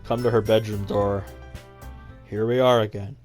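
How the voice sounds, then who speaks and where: A man's voice: fairly low pitch, little pitch movement, normal speed, darkish tone. A young man reading a visual novel aloud as a let's play host, with dry, sarcastic asides. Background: faint game music.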